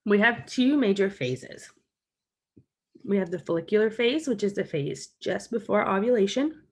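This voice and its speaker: A woman's voice: mid-range voice, animated, moderate pace, slightly rough. A woman explaining a topic as a college lecturer in a recorded lecture, walking through slides and recapping key points.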